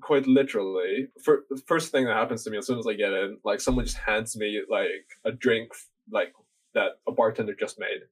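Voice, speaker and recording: A young Norwegian man, a podcast guest, rambles through a story in casual chat, packed with fillers and swearing. His lowish voice is husky and a little fast, and the recording is rough.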